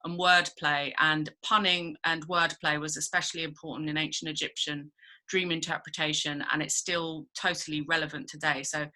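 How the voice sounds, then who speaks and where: Woman workshop leader on a video call: relaxed, rambling delivery, crisp bright tone. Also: sits low, normal speed. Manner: chatty, rambling, many fillers. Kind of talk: casual workshop talk.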